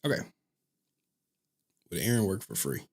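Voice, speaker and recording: A man's voice: low voice, sing-song, moderate pace, a little mellow, husky. A man joking with his chat in casual livestream commentary, full of slang and asides. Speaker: streamer reacting to clips.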